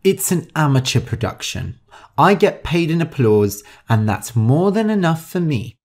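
A theatrical young actress from a storybook, every line delivered with flair and a lively lilt. A man acts her out. She is dramatic about everything. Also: a little high, measured pace, pitched above the performer's own voice, exaggerated voice.

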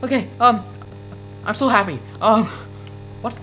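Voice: medium pitch, a little slow, fairly bright tone, slight background noise. A game streamer giving casual, nervous commentary while playing a horror game. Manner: nervous, jumpy reactions. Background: game music.

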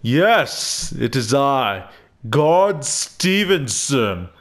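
A man putting on a pompous booming god. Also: big pitch swings, full character voice. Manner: grandiose, archaic, drawn-out proclamations.

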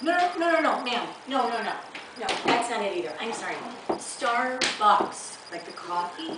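A woman's voice: fairly high pitch, lively intonation, moderate pace, natural voice. A woman doing a frantic flustered tourist. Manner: breathless, repetitive, urgent. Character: frantic flustered female day-tripper. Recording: roomy theater, mic far off, audience noise.

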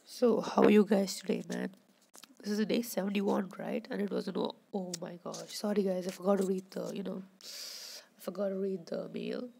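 A woman's voice: medium pitch, fairly even intonation, normal speed, vocal fry, dark tone, breathy edge. A woman giving casual commentary over her own gameplay, chatting with viewers and scolding the fish on screen.

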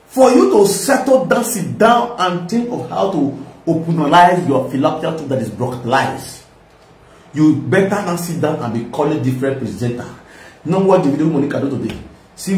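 A man's voice: on the high side, lively intonation, brisk, a little mellow, distant mic. A man with a Nigerian accent giving a mocking, rambling reaction commentary, laughing often. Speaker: social media commentator. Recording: echoey room, voice from off-mic.

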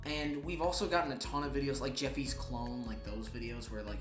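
A man's voice: mid-range voice, brisk, few pauses, a bit bright, reverberant, faint music behind. A man giving casual, wry reaction commentary as host. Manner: laid-back, wry.

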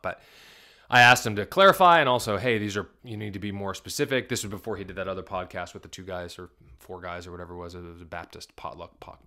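A man's voice: low voice, bright, forceful tone. A male pastor giving video reaction commentary, emphatic and indignant, firing rhetorical questions at his viewers. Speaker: Southern Baptist pastor.

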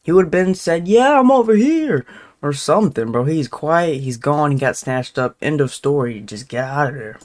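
A man's voice: mid-range voice, moderate pace, hardly any pauses. A man giving laid-back, slangy commentary as he reacts to a video. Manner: laid-back slangy banter, laughs a lot.

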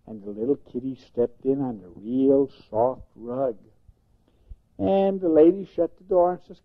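An older man, a grandfather, slowly telling a gentle bedtime story in a singsong way. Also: a little high, animated, creaky. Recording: tinny phone-like sound.

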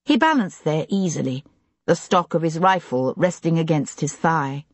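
Low, husky woman narrating an audiobook. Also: normal speed, dry recording. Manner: steady, even storytelling.

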